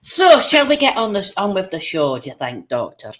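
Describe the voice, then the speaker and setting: Lively Scottish woman hosting a livestream. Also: medium pitch, moderate pace, a little hiss or hum. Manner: bubbly, laughs often, cheeky banter. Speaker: livestream show host. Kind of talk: casual live-stream chat.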